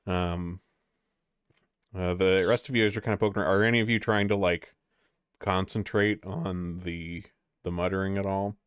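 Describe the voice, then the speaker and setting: A man's voice: low voice, fairly even intonation, moderate pace, clear, resonant tone, no room sound. A man narrating as game master of a tabletop game, rambling with lots of fillers.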